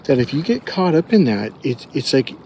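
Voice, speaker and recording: A man's voice: medium pitch, very animated, moderate pace, a little mellow, slight background noise. A man talking to camera as a dating coach, blunt and profane, rambling along with fillers as he tells a story and gives advice. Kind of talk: casual advice monologue to camera.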